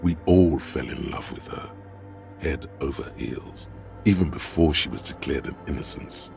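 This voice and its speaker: A solemn storyteller of legend speaks in a very deep, low voice. He lays out history with slow, weighty care, as scripted narration in a video game, with faint music behind him. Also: creaky, a little mellow. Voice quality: very deep and measured.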